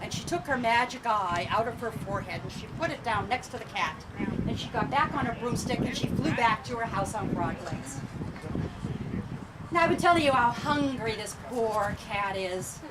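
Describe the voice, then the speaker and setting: A woman storyteller telling a tale to children in an animated way, quizzing the audience as she goes, filmed from afar on an outdoor festival stage. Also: a little high, normal speed. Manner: animated, asks the audience questions. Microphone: far camera. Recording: distant camera, outdoor crowd noise.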